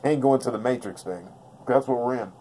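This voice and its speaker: A man's voice: medium pitch, a little fast, mellow, a little hiss or hum. A man giving a casual, slangy dice-throwing tutorial in a blunt, intense way, repeating his points off camera. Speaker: craps dice-control instructor. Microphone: off-camera voice, face never shown.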